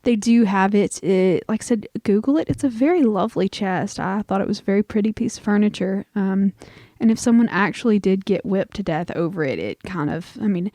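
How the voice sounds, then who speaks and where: A woman's voice: mid-range voice, brisk, warm tone, no echo. A woman co-hosting a podcast in casual chat, chatty, laughing often and trailing off mid-sentence. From Southern US. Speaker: podcast co-host.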